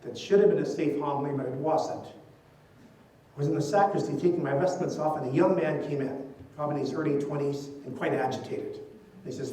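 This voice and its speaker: A man's voice: a little high, brisk, mellow. An older man, a priest, giving a conversational talk full of stories and "you know" asides. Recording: distant mic in an echoey hall.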